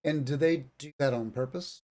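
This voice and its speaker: Lively explaining male interviewer. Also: mid-range voice, normal speed. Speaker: interviewer and English teacher. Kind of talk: conversational interview for language learners.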